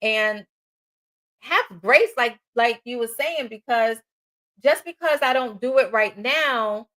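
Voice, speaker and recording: A woman from New York with a New York accent, co-hosting a faith-based relationship talk in a loud, passionate, preacherly way. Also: fairly high pitch, slow. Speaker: co-host.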